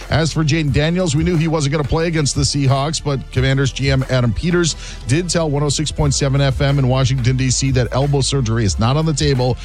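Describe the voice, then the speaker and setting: Brisk male sports update reader. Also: medium pitch, darkish tone. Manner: quick, clipped news delivery. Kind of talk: brisk sports news read.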